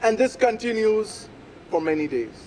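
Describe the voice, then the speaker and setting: A man telling a folk story aloud at a live event, with slow, deliberate phrasing and dramatic pauses. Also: sits high, sing-song, darkish tone, slight background noise, low-quality recording. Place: outdoor public plaza.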